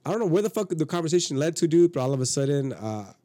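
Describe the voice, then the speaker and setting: A man's voice: a little high, expressive, quick pace, dark tone, no room sound. A man in his thirties telling a rambling, profane story on a casual podcast. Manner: profane, rambling, acts out quotes. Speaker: podcast guest.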